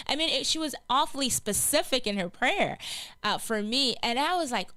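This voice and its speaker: An earnest woman hosting a gospel show, telling a personal faith testimony with many restarts. Her voice is very clear and smooth, recorded close and dry with no room sound. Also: sits high, animated, normal speed, bright, forceful tone, dry recording. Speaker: gospel radio show host. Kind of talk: personal testimony, casual spoken.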